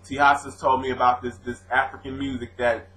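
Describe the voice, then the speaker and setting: A man's voice: mid-range voice, a little fast, poor audio. A young adult man from the US West Coast, talking straight to his viewers in a slangy, argumentative vlog rant. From born in Louisiana, raised on the US West Coast. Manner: animated, argumentative, slangy, addresses viewers directly. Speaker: vlogger answering his commenters. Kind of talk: casual argumentative video rant.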